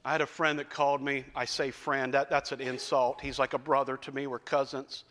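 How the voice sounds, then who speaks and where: A man preaching a sermon, telling folksy stories in a conversational way and slowing down for emphasis. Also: mid-range voice, little pitch movement, a bit bright. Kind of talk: sermon with storytelling. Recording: reverberant hall.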